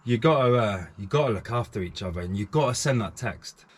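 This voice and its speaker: A man's voice: fairly low pitch, expressive, fairly quick, husky. A middle-aged man talking frankly and earnestly to camera on his own vlog, repeating phrases for emphasis. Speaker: YouTube channel host.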